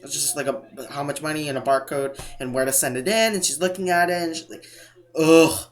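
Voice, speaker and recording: A man's voice: fairly high pitch, fast, a bit bright. A man from New England telling a casual storytime vlog, rambling and stopping to correct himself. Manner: rambling, self-interrupting, mimics other people. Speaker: couponing vlogger.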